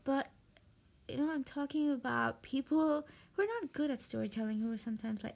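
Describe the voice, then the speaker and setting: A woman's voice: high-pitched, unhurried, creaky, darkish tone. A woman who speaks English as a second language, hosting a casual podcast and chatting loosely with many fillers and restarts. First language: not English. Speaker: podcast host. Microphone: voice message recording.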